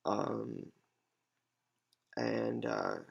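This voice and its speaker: A man in his twenties giving a halting, hesitant, unscripted monologue with many pauses and fillers. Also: a bass voice, very animated, vocal fry, breathy edge, dull audio. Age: 20s. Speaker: patient advocate vlogger. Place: alone at home.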